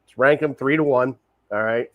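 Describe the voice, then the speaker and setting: A man hosts a relaxed podcast chat with a guest. He talks with eager enthusiasm, laughs easily and tends to say things twice. His voice sounds dry and close to the mic. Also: mid-range voice, moderate pace, no echo. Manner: enthusiastic, laughs often, repeats himself. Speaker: podcast host. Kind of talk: casual sports podcast chat.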